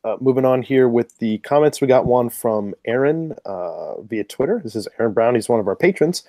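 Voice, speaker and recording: Podcast host guy going thru listener comments, mellow, laid back, lots of uhs. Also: mid-range voice, normal speed, no echo. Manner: relaxed, filler-heavy. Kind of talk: casual chat, reading listener comments.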